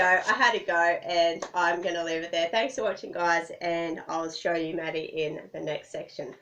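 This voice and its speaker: A woman's voice: fairly low pitch, fairly even intonation, moderate pace, sharp tone. An Australian woman vlogger chatting casually to camera, rambling and self-deprecating, often laughing. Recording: dull lo-fi, distant mic.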